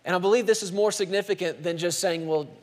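A man preaching a sermon as pastor, slowing down and dropping soft for emphasis, then rising for punchlines. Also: high voice. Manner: dynamic preaching, slows and drops soft for emphasis, rises for punchlines.

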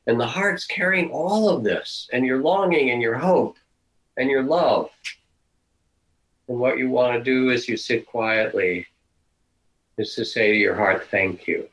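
An older man giving a dharma talk as a meditation teacher, telling stories in a gentle, unhurried, reflective way. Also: mid-range voice, low-quality recording.

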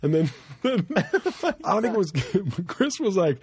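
Animated man telling stories, laughing. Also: high-pitched, slow, husky, dry recording, clean studio sound. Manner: animated, laughs often, acts out voices in his stories. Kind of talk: casual storytelling chat.

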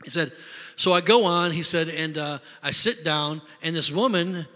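High bright man preaching in a hall. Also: normal speed. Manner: animated storytelling, shouting for emphasis. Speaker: pastor. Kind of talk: sermon.

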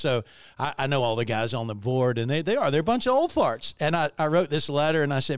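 A man's voice: mid-range voice, brisk, clean tone, dry recording. A man in casual conversation who talks in a wry, opinionated way and slips in dry jokes. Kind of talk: casual chat.

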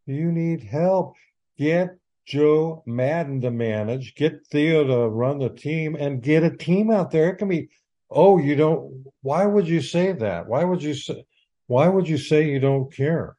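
A man's voice: on the low side, mellow. A man hosting his own show, delivering a rambling, sarcastic rant as sports commentary. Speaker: podcast host.

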